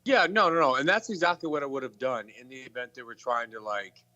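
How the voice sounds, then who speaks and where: A male caller who rambles defensively and swears heavily. He has a middle-pitched voice. The call audio is dull and dry. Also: sing-song, fast talker, bright, forceful tone, no room sound. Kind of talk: casual call-in chat.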